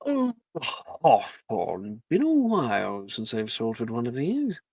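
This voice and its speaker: A game master voicing a wry, shrewd old talking hat that sorts students, musing and teasing before loud verdicts. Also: medium pitch, wildly swooping pitch, slow pace, breathy edge, no room sound, studio quality, pitched below the performer's own voice, full character voice. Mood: wise.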